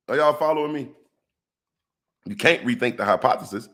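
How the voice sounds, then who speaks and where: A man giving an animated monologue on relationships, calling out to his viewers like a preacher and asking rhetorical questions. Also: medium pitch, brisk, pauses often. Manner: preacher-like call-outs to the audience. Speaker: relationship commentator.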